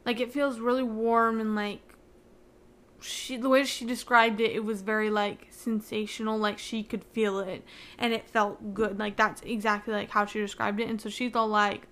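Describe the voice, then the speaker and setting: This podcast host, a young woman, gushes and rambles through a book recap, leaning heavily on "like." She speaks at a normal pace in a slightly high, slightly bright voice with little pitch movement.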